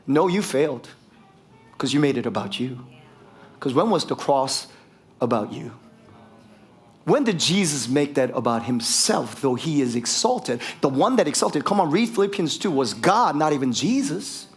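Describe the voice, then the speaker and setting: A man preaching a sermon as pastor, switching between English and Korean and growing fired up, rising to shouts for emphasis. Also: fairly high pitch, sing-song, moderate pace. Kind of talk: bilingual sermon.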